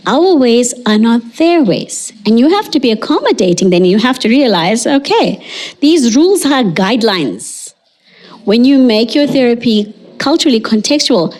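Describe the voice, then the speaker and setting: A woman, an educational psychologist, telling a story to an audience and acting out the dialogue. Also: fairly high pitch. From South Africa. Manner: animated, acts out quoted dialogue.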